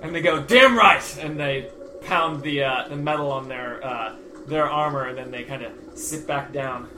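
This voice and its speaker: A man's voice: medium pitch, steady tone, echoey room, background noise. A man narrating as game master, describing scenes with frequent fillers and restarts. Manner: halting, filler-heavy narration.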